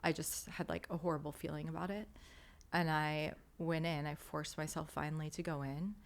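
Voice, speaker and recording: A woman's voice: deep voice, flat delivery, normal speed. A woman in her thirties, a podcast guest, telling a candid, emotional story with many fillers.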